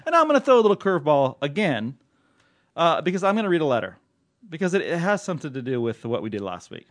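A man's voice: fairly high pitch, quick pace, no echo, studio quality. A man hosting a casual podcast, joking and chatting with a co-host. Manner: animated, joking, reads letters aloud with flair.

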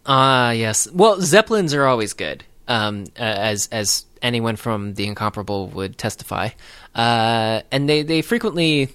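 A man's voice: medium pitch, expressive, unhurried, fairly bright tone, clear, resonant tone. A man co-hosting a podcast, chatting casually about a movie in a rambling way with frequent fillers and laughs. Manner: rambling, self-interrupting, laughs often. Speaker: podcast co-host.

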